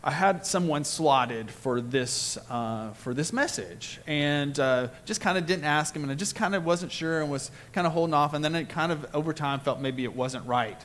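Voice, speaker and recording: Man pastor talking slow and halting, thinking out loud, faint rumbly noise behind. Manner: reflective, hesitant, halting. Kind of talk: sermon.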